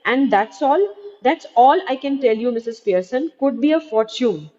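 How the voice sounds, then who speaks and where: A woman reading the lines of a stern older female fortune teller, firmly and slowly, over dull, roomy online class audio. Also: sits high, expressive, darkish tone.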